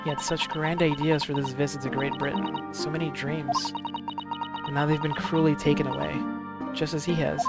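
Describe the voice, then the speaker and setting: Man reading a hushed young woman's lines, music bed. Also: fairly high pitch, little pitch movement, moderate pace, close to an everyday voice. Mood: sorrowful. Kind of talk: reading game dialogue aloud. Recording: game music underneath.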